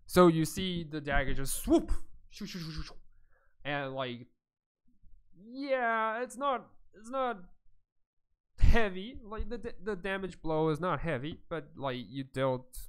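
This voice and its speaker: A man's voice: sits high, expressive, slow pace, clear, resonant tone. A man narrating as game master of a tabletop game in a loose way, with plenty of fillers and frequent laughs.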